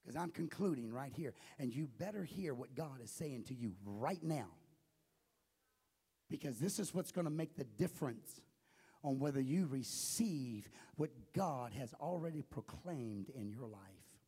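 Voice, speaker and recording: A male pastor preaching a sermon, often building up to impassioned shouting. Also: medium pitch, animated, unhurried, breathy edge.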